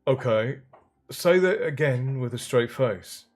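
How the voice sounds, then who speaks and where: A man's voice: mid-range voice, expressive, takes it slowly, darkish tone. A man voicing a sensible teenage boy wizard who asks incredulous, impatient questions, with faint music behind. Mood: exasperated.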